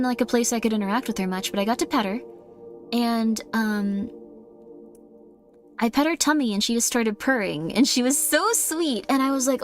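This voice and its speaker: A woman streamer chatting casually with her viewers in a rambling way, with many fillers and frequent laughs. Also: a little high.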